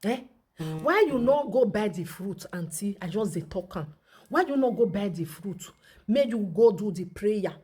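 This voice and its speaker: A woman's voice: mid-range voice, expressive, normal speed, warm tone, husky. A woman with a Nigerian accent giving chatty, teasing gossip commentary in a vlog, laughing often. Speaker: social media commentator.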